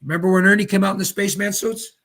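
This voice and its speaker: A man in his seventies from Pennsylvania, a retired bowler and guest, telling rambling, animated anecdotes in casual chat. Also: high-pitched, rapid-fire, vocal fry. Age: 70s. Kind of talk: casual storytelling.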